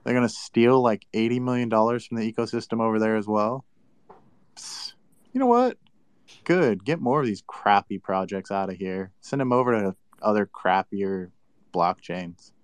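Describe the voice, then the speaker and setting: A man's voice: on the low side, normal speed, clear, resonant tone, no echo. A man talking crypto in a casual chat, combative and teasing with mock annoyance. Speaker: crypto commentator.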